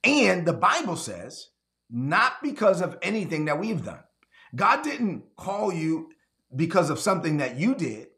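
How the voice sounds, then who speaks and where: A man's voice: a little high, sing-song, pushed and bright. Man preaching an emphatic livestream sermon. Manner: emphatic preaching, slows down to stress key words. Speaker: pastor.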